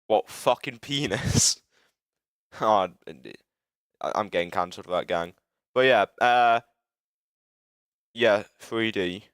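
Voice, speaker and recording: A man's voice: on the low side, a bit bright, clean tone, dry recording, studio quality. Rambling British man on a live stream. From Britain. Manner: rambling, self-interrupting, swearing, quick to frustration. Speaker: livestreamer. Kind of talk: casual live-stream chat while game building.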